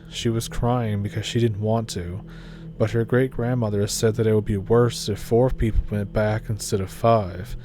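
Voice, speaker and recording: A man reading a first-person story aloud as scripted narration, in a steady, low-key storytelling manner. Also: slight background noise.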